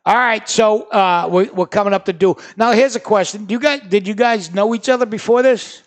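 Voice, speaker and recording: A man hosting a comedy duel, bantering with wry quick quips. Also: high-pitched. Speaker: host.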